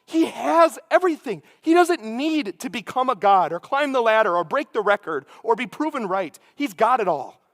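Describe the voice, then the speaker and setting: Young Midwestern man, priest-style homily: high, bright voice, casual asides, long church reverb. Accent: Midwestern American. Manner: animated and conversational, with quick asides. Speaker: preacher giving a homily. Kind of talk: sermon. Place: large church.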